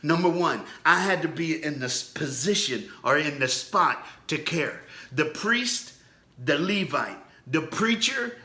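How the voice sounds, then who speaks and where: A male pastor with a bright, ringing voice set a little high, preaching in a casual storytelling way. His voice echoes through a roomy church, and he keeps calling on the listeners. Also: lively intonation, unhurried. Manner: storytelling, conversational, urging the listeners. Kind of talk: sermon.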